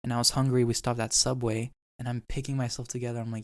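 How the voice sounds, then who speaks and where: A young man tells a painful memory in casual podcast chat, quoting people and swearing as he goes. His voice is smooth and clear, with little rise and fall. The recording is dry and close. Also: medium pitch, little pitch movement, a little fast, few pauses, no room sound. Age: young adult. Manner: emotional storytelling, swears, quotes people. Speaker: podcast host.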